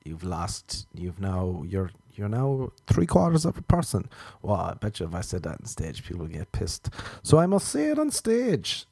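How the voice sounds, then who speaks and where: A man's voice: low-pitched, huge pitch swings, normal speed, creaky, warm tone, slightly rough, no echo. A man, delivering a self-mocking comic monologue. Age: 30s. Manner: ranting, self-mocking, acts out his own inner voice. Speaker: comedian.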